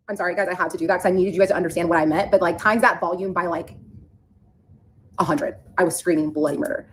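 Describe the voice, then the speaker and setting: A woman telling a personal story in a fast, animated, chatty way. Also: fairly low pitch, rough recording.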